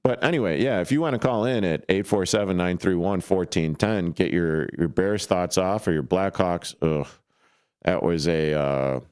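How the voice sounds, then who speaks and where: This sports radio host talks at a normal speed in a low, slightly mellow voice that is clear and resonant. He rambles casually through his studio show with many fillers and restarts, recorded dry on a studio microphone.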